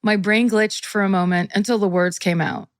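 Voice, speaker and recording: A woman reads a listener's story on a podcast, breaking into laughter as she goes. Her voice sits in a middle pitch. It is recorded close and dry, with no room sound. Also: normal speed, no room sound. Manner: laughs often while reading, animated. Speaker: podcast co-host. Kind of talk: reading a listener's story aloud, casual chat.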